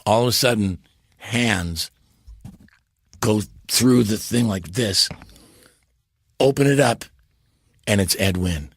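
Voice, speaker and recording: A man, a podcast guest, telling stories in a lively, animated way and slipping into character voices. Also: on the low side, slow pace, long pauses, husky, no echo. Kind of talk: casual interview storytelling.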